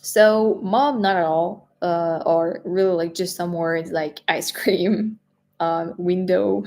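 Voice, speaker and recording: Reading viewers' questions on a relaxed live stream, a woman from France speaks with a French accent, chatting, laughing a lot, and restarting sentences with repeated words. Her voice sits on the low side, steady and slow, with a slightly mellow quality.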